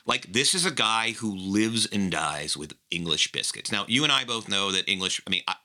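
A man co-hosting a podcast, recapping a show in animated casual chat full of "like". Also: on the low side, moderate pace. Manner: animated, peppered with "like". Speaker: podcast co-host.

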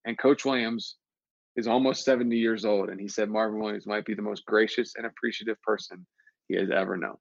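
A man's voice: fairly low pitch, steady tone, brisk, creaky, no room sound, dull audio. A man talking earnestly and reflectively in a casual chat, often restarting his sentences. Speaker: podcast guest, former player.

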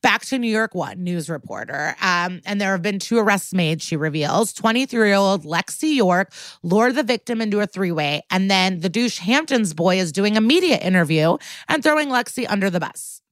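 A woman's voice: mid-range voice, animated, moderate pace, few pauses, dry recording, clean studio sound. A woman co-hosting a podcast, chatting casually as she retells a TV episode scene by scene and slips into quoted voices. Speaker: podcast co-host.

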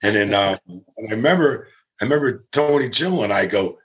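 A man casually telling a backstage story, animated and acting out the people he quotes. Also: fairly quick, highs cut off. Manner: animated, acts out quotes with big pitch jumps. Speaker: former ring crew member telling stories.

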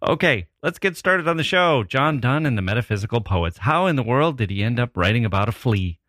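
A man's voice: mid-range voice, lively intonation, brisk, a bit bright, no echo, studio quality. A man hosting a podcast, riffing in a wry, self-mocking comic monologue. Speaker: podcast host.

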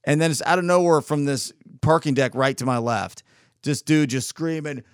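A man's voice: fairly high pitch, normal speed, smooth, no echo, clean studio sound. A man talking in a casual, rambling monologue, exasperated and full of restarts.

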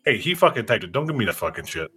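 A man's voice: on the low side, big pitch swings, rapid-fire, sharp tone, husky. A man co-hosting a casual podcast who reads out listener questions, teasing and swearing with lots of ums and uhs. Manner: teasing, swearing, hesitant with fillers when reading. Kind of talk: casual chat.

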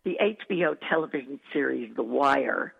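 A woman's voice: a bass voice, lively intonation, moderate pace, creaky, breathy edge. A woman dialect coach telling stories in an interview, effusive and enthusiastic. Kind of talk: interview storytelling. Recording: echoey, tinny phone-like recording.

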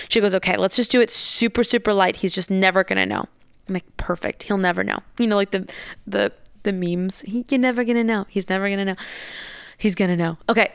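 A woman's voice: mid-range voice, gravelly, a bit bright, clear, resonant tone, dry recording, studio quality. A young woman telling a candid story in a casual, chatty way, swearing and laughing as she goes.

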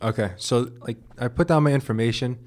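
A man's voice: mid-range voice, a little fast. Podcast guest, man, mid-range voice; chatty storyteller who trips on his words and quotes everyone. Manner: rambling, animated, quotes others a lot; frequent restarts and stumbles. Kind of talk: casual storytelling.

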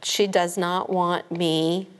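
Halting middle-aged woman, low voice. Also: flat delivery, clear, resonant tone. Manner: halting, with many restarts. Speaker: interview guest. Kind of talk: emotional recounting in a TV interview.

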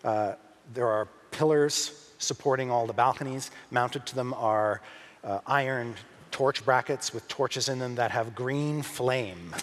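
Brief: male dungeon master, loose descriptive narration, mid pitch, reverberant room. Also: unhurried, a little hiss or hum. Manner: relaxed descriptive narration with fillers. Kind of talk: narrating a tabletop game.

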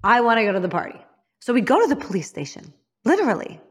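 A woman's voice: mid-range voice, rapid-fire. Frank woman telling a painful story. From Illinois, United States. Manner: frank and emphatic, drops to a hushed voice for painful memories. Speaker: interview guest. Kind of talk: candid personal storytelling.

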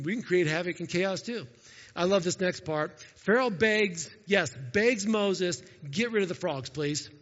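Animated male pastor in an echoey hall. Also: high-pitched. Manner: animated, jokey, talks straight to the congregation. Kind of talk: sermon. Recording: echoey hall, dull lo-fi sound.

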